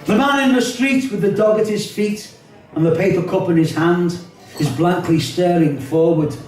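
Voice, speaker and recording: A man's voice: sits high, normal speed, a little mellow, recorded from a distance, a little hiss or hum. An older man with a Liverpool accent reciting his own rhyming poems live, wry and rhythmic. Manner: rhythmic, wry delivery with spoken asides. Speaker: poet performing his own work. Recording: echoey hall, voice from off-mic.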